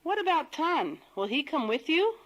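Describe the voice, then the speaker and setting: A woman's voice: high voice, big pitch swings, moderate pace, fairly bright tone, rough recording. A woman voicing a welcoming hostess in a textbook audio dialogue, speaking in a hospitable way. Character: welcoming hostess inviting a friend.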